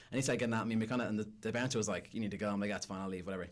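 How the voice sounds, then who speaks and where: Very fast-talking young Irish man. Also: fairly low pitch, fairly even intonation. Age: young adult. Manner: rapid rambling anecdote-teller. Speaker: musician guest. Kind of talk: casual interview chat.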